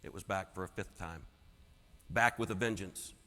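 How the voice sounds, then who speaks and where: A man telling a personal story as a keynote speaker, dramatic and swinging from hushed to loud. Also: low-pitched, normal speed. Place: large conference hall. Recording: long hall reverb.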